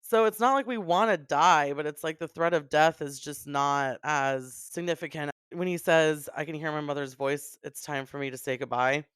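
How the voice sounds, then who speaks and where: Woman, podcast co-host, earnest casual chat, smooth voice, dry sound. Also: deep voice, normal speed, few pauses, fairly bright tone, no echo. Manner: emotional, voice breaking near tears. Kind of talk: casual chat about an album.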